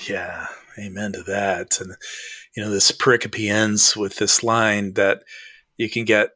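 A man's voice: lowish voice, little pitch movement, unhurried, pushed and bright, dry recording, clean studio sound. A man who is a pastor leading a scripture discussion in a reflective, affirming way and asking his co-host questions.

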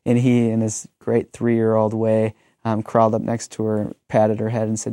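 A man's voice: fairly low pitch, completely flat delivery, normal speed, few pauses, dark tone, no room sound. A man in his thirties, a pastor and teacher, talking earnestly about ministry and telling stories in a conversational way. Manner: earnest, storytelling, frequent "um".

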